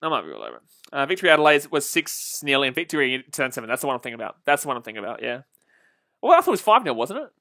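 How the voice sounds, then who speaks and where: Bright-voiced man streaming football. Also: mid-range voice, wildly swooping pitch, racing, no room sound, studio quality. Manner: chatty, laughs often, swears casually. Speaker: livestream football watch-along host. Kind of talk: casual live commentary reading chat.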